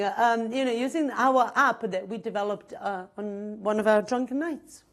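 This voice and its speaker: A woman's voice: a little high, normal speed. A woman hosting a comedy show, chatting casually in a rambling way before introducing the acts. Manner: chatty and rambling, with many fillers. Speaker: show host. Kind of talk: casual chat and act introductions.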